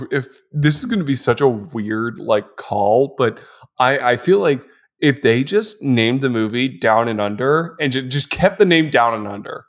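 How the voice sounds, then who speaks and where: A man co-hosting a casual movie-review podcast, ranting in an exasperated way and breaking into laughter. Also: mid-range voice. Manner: animated, laughing, exasperated rants. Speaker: podcast co-host.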